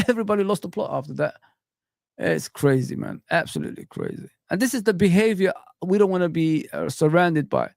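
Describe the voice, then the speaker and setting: Speaking briskly in a high voice touched with vocal fry and a little mellowness, this middle-aged streamer rants about football. He addresses his audience and chat directly, throwing out rhetorical questions in a casual, heated way. Studio-clean audio, no room sound.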